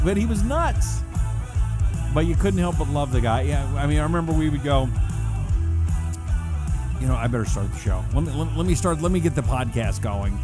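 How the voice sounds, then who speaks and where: A man hosting his own live talk show in a casual, playful, joking way, greeting his listeners. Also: on the high side. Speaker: radio and podcast host.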